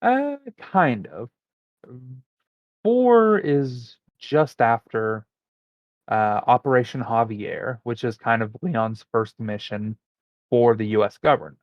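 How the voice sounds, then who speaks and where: A man's voice: mid-range voice, animated, takes it slowly, dry recording, highs cut off. A man co-hosting a podcast, talking casually and rambling as he looks things up mid-conversation. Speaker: podcast co-host. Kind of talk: casual chat.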